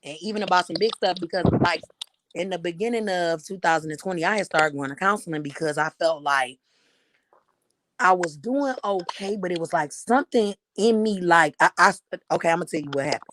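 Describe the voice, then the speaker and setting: A woman's voice: fairly low pitch, fairly quick, noisy background. Frank woman in her thirties opening up. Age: 30s. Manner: frank, confessional, talks in bursts with many "like"s. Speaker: podcast co-host. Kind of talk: candid group chat.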